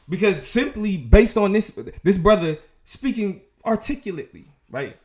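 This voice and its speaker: A man hosting a casual commentary show, talking in an animated, emphatic way with frequent restarts. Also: high-pitched, normal speed, hardly any pauses. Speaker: show host.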